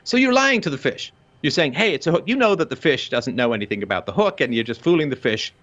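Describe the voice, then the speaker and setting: A man speaking as a guest, arguing in a lively, conversational way and dropping into short mock quotes. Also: medium pitch, quick pace. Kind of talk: conversational argument. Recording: dull lo-fi sound.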